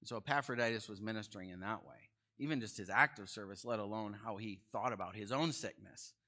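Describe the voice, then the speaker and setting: A young man teaching a Bible study in a conversational, animated way, asking his listeners questions. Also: on the low side, fast.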